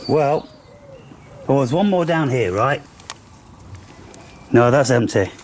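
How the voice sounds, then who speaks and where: A man talks casually to his camera outdoors, rambling and coaxing the birds around him in a singsong way. Faint birdsong and rural ambience sit behind his everyday mid-pitched voice. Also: expressive, slow pace, a little mellow, a little hiss or hum. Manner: chatty, coaxing animals in a singsong voice. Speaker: vlogger. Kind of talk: casual outdoor vlog talking to birds and squirrels. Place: outdoors in a garden or woodland.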